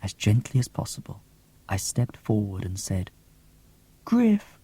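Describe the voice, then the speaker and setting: Theatrical husky-voiced male storyteller. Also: lowish voice, fairly even intonation, normal speed, dark tone. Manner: theatrical, lots of gasps and whispers. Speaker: audiobook reader. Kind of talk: expressive audiobook narration.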